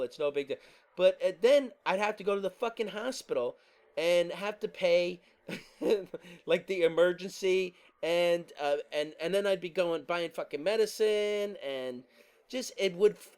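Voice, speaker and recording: A man with a fairly high voice rants on his podcast in an exasperated, swear-filled monologue. He talks casually, as if venting to a friend. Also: clear, resonant tone. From New Jersey. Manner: profane, exasperated ranting. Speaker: podcast host.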